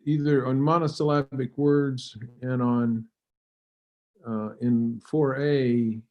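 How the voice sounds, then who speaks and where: A man giving an academic lecture, measured and halting, with fillers and occasional throat clearing. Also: mid-range voice, warm tone. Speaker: linguistics lecturer. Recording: dull lo-fi recording.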